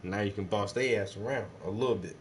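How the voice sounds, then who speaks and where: A man's voice: fairly low pitch, fast talker. Profane joking man, faint hum. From South Carolina. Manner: profane, joking, playful, rambling. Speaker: painter livestreaming to viewers. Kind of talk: casual streaming chat while painting.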